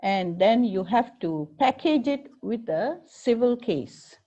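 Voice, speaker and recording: A woman, a family lawyer giving advice in a firm, measured way. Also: on the high side, expressive, warm tone, highs cut off.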